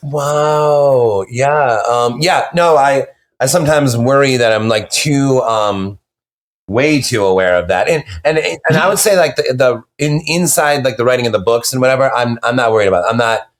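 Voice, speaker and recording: A man's voice: mid-range voice, normal speed. Chatty man, guest on a podcast. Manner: rambling, many fillers and restarts. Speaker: guest, horror novelist. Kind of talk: casual interview chat.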